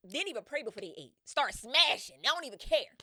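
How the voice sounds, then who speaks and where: A woman's voice: sits high, brisk, dry recording, clean studio sound. A woman hosting a podcast, retelling a story in casual slang with lots of energy and laughs. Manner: slangy, animated, laughs often. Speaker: podcast host.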